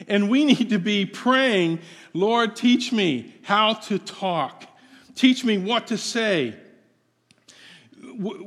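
A slow, reverberant male preacher. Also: high voice, fairly bright tone. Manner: conversational, playful preaching with audience questions. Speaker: pastor. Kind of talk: sermon. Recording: long hall reverb.

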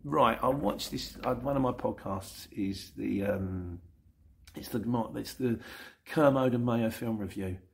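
Gravelly middle-aged London man chatting. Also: mid-range voice, a little slow. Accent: London English. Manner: chatty and rambling, with self-mocking asides. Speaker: YouTube channel host. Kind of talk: casual Sunday Q&A reading viewer comments.

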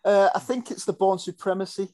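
A contestant on a casual quiz podcast, answering in a measured, slightly unsure way. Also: mid-range voice, darkish tone.

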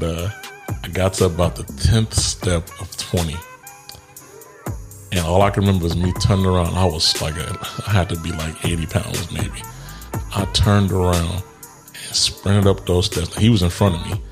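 A man telling a personal story in a candid, reflective way, laughing often and swearing casually as he works through grief. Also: low voice. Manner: reflective and grieving.

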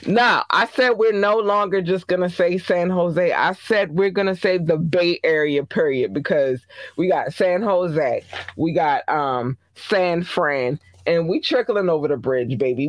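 A show host from Baltimore giving casual, effusive and affectionate shout-outs to listeners, with big playful jumps in pitch. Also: dry recording. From Baltimore, Maryland. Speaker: podcast host.

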